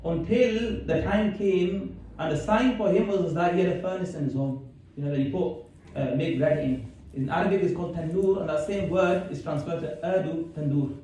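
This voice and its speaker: Speaking at a moderate pace, a man with a slightly high, dark-toned voice gives a conversational religious lecture as an Islamic scholar. He recites verses and explains them, captured from a distance in a community centre hall. The room is very echoey, with faint noise.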